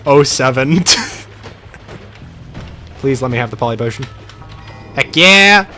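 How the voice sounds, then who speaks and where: A man's voice: mid-range voice, animated, slow pace, bright, forceful tone, faint music behind. A man streaming a game, chatting casually and playfully with his viewers in a rambling way.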